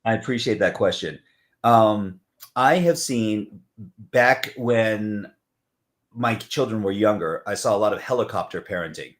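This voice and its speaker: A man's voice: lowish voice, measured pace. A middle-aged man from Southern California, talking as a guest in a casual conversation, telling stories and acting out other people's voices. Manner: animated storyteller who acts out others in voices.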